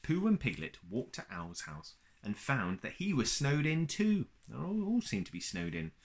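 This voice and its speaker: Moving at a moderate pace, this mid-range male reader brings a children's story to life with gentle expressiveness.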